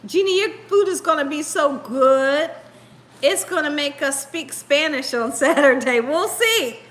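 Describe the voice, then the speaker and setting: A woman with a high, lively voice chats slowly with viewers on her cooking live stream. She giggles often between remarks and sounds tired. Her tone is bright and clear. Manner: giggly, laughs often while reading comments. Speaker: cooking show host. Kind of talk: casual live-stream chat.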